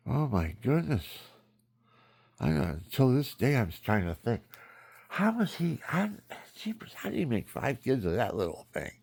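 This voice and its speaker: A man's voice: deep voice, creaky, darkish tone. A man in his seventies telling rambling, frank family stories in a meandering, chuckling way. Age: 70s. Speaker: vlogger. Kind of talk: rambling personal storytelling.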